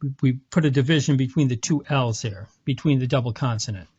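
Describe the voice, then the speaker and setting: A man's voice: mid-range voice, brisk, darkish tone, slightly rough, lo-fi sound. A man teaching Latin in a screen lecture, explaining patiently step by step with small self-corrections. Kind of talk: screen lecture walking through an example.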